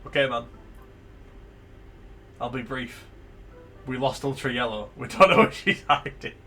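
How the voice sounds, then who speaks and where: A man voicing a drunk, boisterous male cosplayer passenger who talks loudly and sloppily in a video game, with faint music behind. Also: medium pitch, unhurried. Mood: drunk, rowdy.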